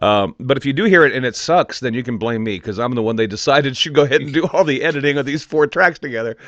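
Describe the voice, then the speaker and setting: A man's voice: medium pitch, fast, fairly bright tone, no echo. A man co-hosting and editing a podcast, casual chat, joking and self-mocking. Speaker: podcast co-host and editor. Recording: dull, lo-fi dry mic.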